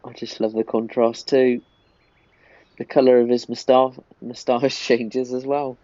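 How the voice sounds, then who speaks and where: A man's voice: medium pitch, little pitch movement, measured pace, warm tone, dry recording. A man giving casual gameplay commentary, reading game dialogue aloud with enthusiasm and frequent laughter. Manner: enthusiastic, laughs often, reads game text in shifting tones. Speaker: gaming YouTuber. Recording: slightly dull lo-fi sound.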